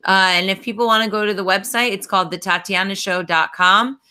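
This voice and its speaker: A woman's voice: medium pitch, fairly even intonation, a little fast, sharp tone, clear, resonant tone. A woman hosting a casual chat show, upbeat and chatty, with lots of fillers. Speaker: podcast host.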